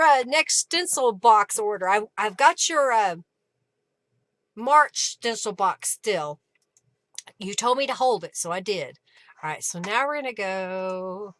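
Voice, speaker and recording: A woman's voice: medium pitch, lively intonation, slow, a bit bright, no echo. A woman with an Oklahoma accent hosting a live crafting stream, chatting with viewers and thanking them by name. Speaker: craft livestream host. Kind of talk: casual live-stream chat.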